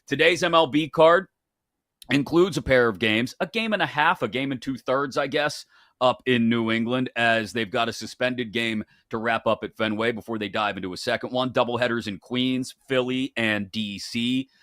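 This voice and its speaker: A male host of a sports betting show from the upper Midwest, giving an upbeat, rapid rundown of games and odds. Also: mid-range voice, fairly bright tone, no room sound, studio quality.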